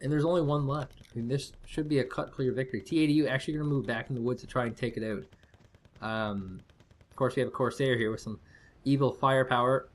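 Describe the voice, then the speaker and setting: A man's voice: mid-range voice, fairly even intonation, fast talker. A man casting a strategy game match in a rambling, jokey, think-aloud way. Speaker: esports caster. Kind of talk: casual game commentary.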